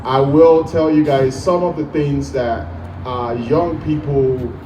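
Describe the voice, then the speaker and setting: Slow hesitant man, far and echoey. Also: mid-range voice, fairly even intonation. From Nigeria. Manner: hesitant, many fillers. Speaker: rally speaker. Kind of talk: speech at a rally. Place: outdoor rally. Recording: distant echoey mic with crowd noise.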